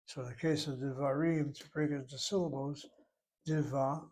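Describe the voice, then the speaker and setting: A man teaching a language class, explaining slowly and methodically and repeating words to break them into syllables. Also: mid-range voice, steady tone, darkish tone, a little hiss or hum. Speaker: Hebrew teacher. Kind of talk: classroom lecture.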